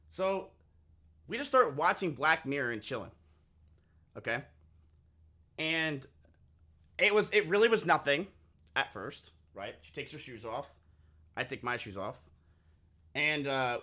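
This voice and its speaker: Male streamer, bright and a touch high, telling a story to chat; animated, profane, plays out both sides of the dialogue. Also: measured pace, long pauses. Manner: animated, swearing, acting out the dialogue. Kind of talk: casual storytelling to a live chat.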